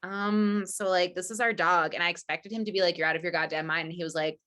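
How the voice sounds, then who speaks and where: A woman's voice: on the low side, fairly even intonation, quick pace, sharp tone. Chatty woman telling a story. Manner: chatty storyteller, many "like" fillers, acts out quotes. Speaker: podcast guest, musician. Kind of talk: casual podcast chat.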